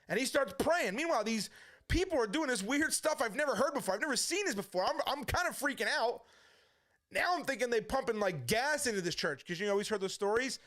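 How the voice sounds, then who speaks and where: A man's voice: sits high, animated, a little fast, fairly bright tone. A middle-aged man telling his personal testimony as a story, acting out the voices of the people he quotes. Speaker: testimony speaker.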